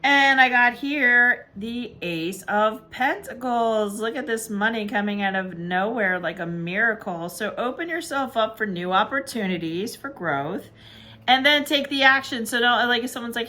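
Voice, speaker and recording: A woman giving a casual tarot reading, upbeat and encouraging, chatting warmly to her viewers. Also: on the high side, normal speed. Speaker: tarot reader.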